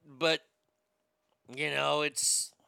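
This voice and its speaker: A man's voice: a little high, level tone, drawn-out words, creaky, sharp tone, smooth. A man hosting a casual show, reading news items and chat comments aloud and riffing on them with irreverent jokes, often stammering and restarting.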